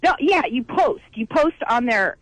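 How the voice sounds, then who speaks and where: A woman's voice: fairly high pitch, big pitch swings, measured pace, no echo, low-quality recording. A woman calls in to a radio show. She rambles and halts, with little giggles. Her voice carries a broadcast radio sound. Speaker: caller. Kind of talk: radio call-in chat.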